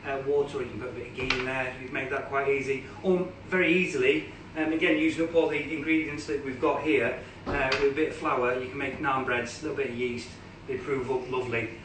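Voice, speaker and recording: A man's voice: medium pitch, steady tone, fast, few pauses, echoey room, far from the mic, background noise. A man with an English accent explaining a recipe as he cooks it live, chatty, with lots of ums. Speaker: cooking demonstrator. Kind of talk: casual live cooking demo. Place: home kitchen.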